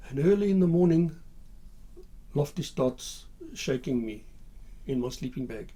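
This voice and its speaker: A man, retelling a war memory in a halting, low-key way and often repeating his words. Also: lively intonation, warm tone, husky. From Zimbabwe. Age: 60s. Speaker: war veteran storyteller. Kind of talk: spoken war memoir.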